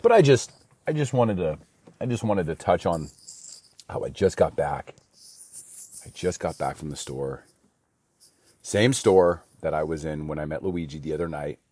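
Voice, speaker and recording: A man's voice: extremely low pitch, expressive, normal speed, long pauses, mellow, no room sound. A man talking in a rambling, slangy casual monologue in a studio, saying bro a lot.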